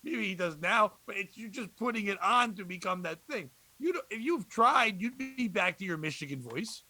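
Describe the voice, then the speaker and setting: A man's voice: sits high, lively intonation, moderate pace, pushed and bright. A male comedian and podcast cohost chatting casually in a rambling, joking way.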